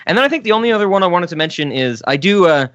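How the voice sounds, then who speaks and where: A man's voice: high voice, expressive, rapid-fire, a bit bright, no room sound, lo-fi sound. A man hosting a film podcast in casual chat, easygoing and chuckling often. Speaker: podcast host.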